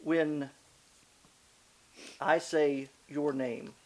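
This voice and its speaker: Earnest male interviewer, higher voice. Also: level tone, low-quality recording. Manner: earnest and affectionate, speaking slowly. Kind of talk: sit-down interview.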